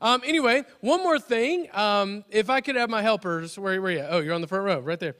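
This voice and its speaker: A high, bright-voiced man leading a youth service, chatty and prone to restarts. His words ring out with a long reverb from a large church hall. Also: expressive, fairly quick. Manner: chatty, restarts often, jokes self-deprecatingly. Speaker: youth pastor. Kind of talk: youth service announcements and prayer.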